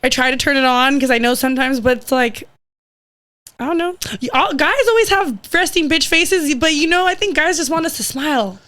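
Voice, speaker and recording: A young woman chatting as a podcast guest, telling family stories in a blunt, animated way with plenty of laughter. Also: high voice, brisk. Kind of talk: casual chat.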